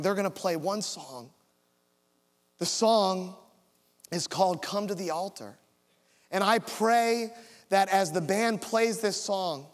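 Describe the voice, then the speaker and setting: High-voiced pastor in an echoey hall. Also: male voice. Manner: storytelling, builds to an altar call. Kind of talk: sermon with personal story. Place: church sanctuary.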